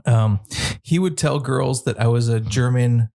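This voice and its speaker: Brief: thirties man, mid-pitched, halting and self-deprecating podcast guest. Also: creaky, mellow. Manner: hesitant, self-deprecating, restarts. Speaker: podcast regular. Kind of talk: casual chat.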